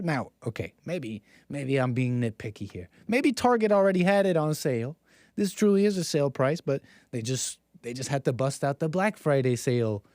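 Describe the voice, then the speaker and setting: A man's voice: fairly high pitch, a little mellow, no echo, studio quality. A man hosting a live stream, talking in a sarcastic, mocking, rambling monologue. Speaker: stream host.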